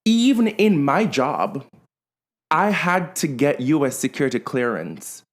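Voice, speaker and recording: A man co-hosts a casual podcast and tells a story at a medium pitch. He stumbles and restarts often and leans on fillers as he goes. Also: very animated, a little slow. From Canada. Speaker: podcast co-host.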